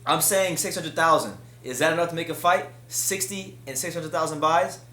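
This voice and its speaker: A boxing news host delivers solo commentary in a heated, exasperated way at a moderate pace. His slightly high voice rises further whenever frustration takes over, and the room is noticeably echoey.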